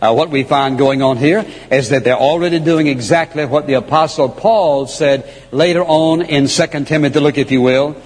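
A man preaching a sermon, emphatic and repeating key phrases, slowing down to read scripture. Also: fairly high pitch. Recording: long hall reverb.

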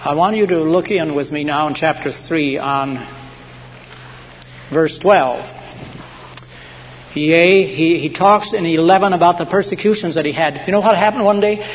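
A man with a somewhat high voice preaches a sermon, his words trailing off into a long hall reverb. He tells his stories dramatically, drawing out big declarations, then dropping to a hush. A faint hum sits under the recording. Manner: dramatic storytelling, swinging between loud, slow proclamations and hushed asides. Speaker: pastor.

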